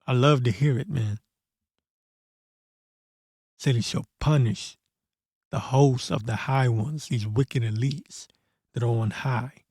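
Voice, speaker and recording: Dark-voiced, blunt, profane man. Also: mid-range voice, slightly rough, dry recording, studio quality. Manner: reads scripture slowly and deliberately. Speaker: host of a prophecy commentary channel. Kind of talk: casual scripture commentary.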